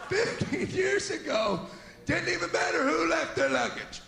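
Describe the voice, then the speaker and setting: A man doing a stand-up routine, animated and shouting his punchlines. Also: very high-pitched, a little slow, vocal fry, very noisy. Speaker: stand-up comedian. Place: comedy club stage. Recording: echoey club recording with loud crowd.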